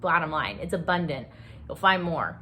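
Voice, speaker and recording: A woman's voice: deep voice, animated, moderate pace, bright, forceful tone, a little hiss or hum. A woman hosting a solo podcast, talking candidly about grief in a blunt, profane, impassioned way. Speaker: podcast host.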